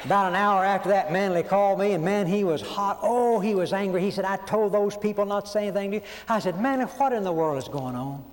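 A man, preaching a sermon as folksy, animated storytelling and acting out quoted voices. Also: high voice, quick pace, hardly any pauses. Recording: long hall reverb, faint background noise.

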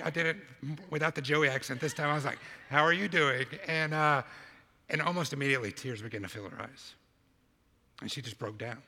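A man preaching a sermon as a church planter, telling a story in an animated way and acting out his own side of a conversation. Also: fairly high pitch, fairly quick, in a large hall, a little hiss or hum.

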